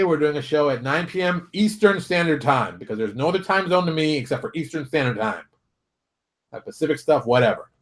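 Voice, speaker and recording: A man hosting his own show, talking straight to viewers in a fired-up, preachy rant full of rapid rhetorical questions. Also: fairly high pitch. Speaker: show host. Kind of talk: animated solo commentary.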